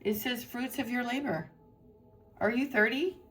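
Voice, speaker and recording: A woman's voice: a little high, a little slow, a bit bright, soft background music. A woman giving a tarot reading to her viewers in an effusive, rambling, spiritual way. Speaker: tarot reader.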